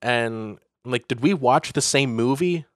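Smooth-voiced young man, halting and wry. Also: mid-range voice, dry recording, studio quality. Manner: halting, filler-heavy, wry. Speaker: podcast co-host. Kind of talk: casual movie-review chat.

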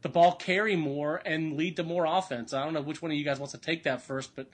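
A man with a voice pitched a little high talks through a casual podcast chat. He is sick at the moment and wanders, backtracking and filling pauses as he goes. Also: steady tone. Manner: rambling, many restarts and fillers. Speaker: college baseball analyst.

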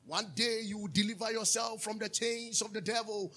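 Ghanaian preacher guy, husky and high, half sings his lines, keeps asking the crowd to answer. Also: normal speed. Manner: animated preaching, breaks into song-like lines; calls for audience responses, asks and answers himself. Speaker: pastor. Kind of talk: sermon.

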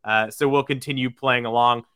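A man's voice: mid-range voice, steady tone, moderate pace, sharp tone, smooth, no room sound, clean studio sound. A man co-hosting a sports podcast in upbeat casual talk, reading out listener questions. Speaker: podcast co-host.

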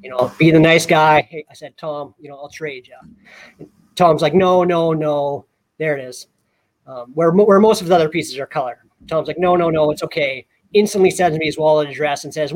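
A man co-hosting a casual podcast, telling a story in an animated way with many repeated words. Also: fairly high pitch. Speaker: podcast co-host.

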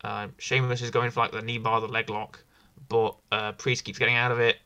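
A man's voice: mid-range voice, level tone, fairly quick, pushed and bright, smooth, highs cut off. A man hosting a casual wrestling review podcast, rambling and enthusiastic, often repeating himself. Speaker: podcast host.

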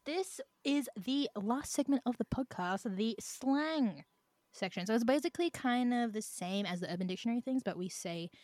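A woman's voice: on the high side, expressive, normal speed, darkish tone, no echo. A young woman co-hosting a podcast, chatting in a playful, teasing, giggly way. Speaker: podcast co-host. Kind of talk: casual podcast chat.

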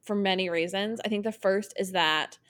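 A young woman co-hosting a podcast in easy, chatty conversation. She laughs often and keeps the talk playful and animated, with a voice of middle pitch. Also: moderate pace, clear, resonant tone. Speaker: podcast co-host. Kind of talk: casual chat.

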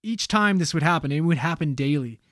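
A man casually retelling a spooky story on a podcast, animated and swearing freely. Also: fairly high pitch, fairly quick, no echo, clean studio sound. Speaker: podcast co-host telling a story.

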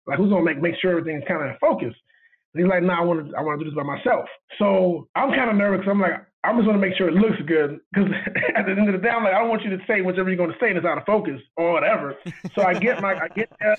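A man, a video director, tells a story in casual chat, animated and laughing as he acts out what people said. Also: fairly high pitch, breathy edge. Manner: animated, laughing retelling with quoted dialogue. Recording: tinny phone line.

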